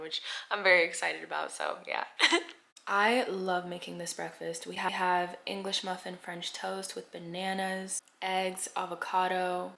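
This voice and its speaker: A woman in her twenties talking candidly in a casual vlog diary, swinging between soft murmurs and excited bursts. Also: lowish voice, creaky. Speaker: vlogger. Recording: echoey room.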